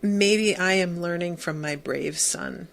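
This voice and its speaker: A woman voicing a worried middle-aged immigrant father, quiet and earnest, in a podcast recap. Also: on the low side, slow, gravelly.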